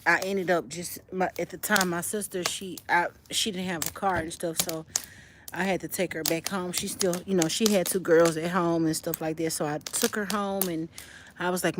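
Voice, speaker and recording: A woman's voice: lowish voice, background noise. A woman livestreaming outdoors by a fire on a cold night, chatting straight to her viewers and telling a personal story. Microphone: phone livestream.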